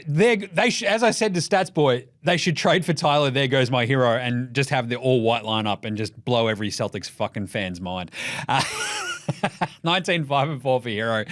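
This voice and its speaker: An Australian man hosting a basketball podcast, riffing in a jokey, profane, rapid-fire way. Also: mid-range voice, fairly bright tone, no room sound, studio quality. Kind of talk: casual solo commentary.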